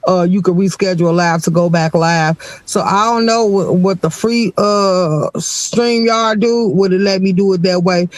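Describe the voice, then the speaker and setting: Stream host, man, high voice, dry close sound, rambling and chatty. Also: steady tone, moderate pace, hardly any pauses, dry recording. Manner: rambling, laid-back, chatty. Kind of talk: casual streaming chat.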